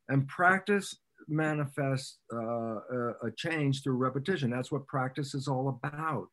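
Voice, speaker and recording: A man speaking as a guest scientist on a podcast, an animated storyteller who repeats phrases for emphasis and acts out little exchanges. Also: mid-range voice, measured pace, hardly any pauses. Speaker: podcast guest, cell biologist. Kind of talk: explanatory interview talk.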